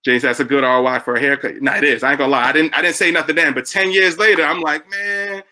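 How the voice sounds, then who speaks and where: A man in his thirties from New York hosting a podcast, telling animated stories and acting out other people's lines. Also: mid-range voice, rapid-fire, a little hiss or hum, rough recording. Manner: animated storyteller, quotes people with shifting voices. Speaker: podcast host. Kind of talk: casual podcast conversation.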